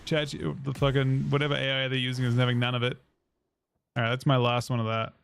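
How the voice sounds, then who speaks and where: A man's voice: medium pitch, completely flat delivery, fast, creaky, a little hiss or hum. A young man streaming a video game, thinking aloud and swearing casually to his chat. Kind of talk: casual live-stream commentary.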